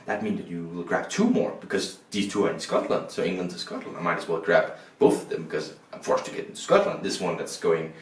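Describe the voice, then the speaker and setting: Speaking in a deep, steady voice, fairly quick and with few pauses, a Danish-born board game reviewer, Danish his first language, rambles casually through the rules and his views, often restarting and adding self-deprecating asides. He's indoors at a table, recording himself on a camera mic. The sound has a roomy echo and faint background noise.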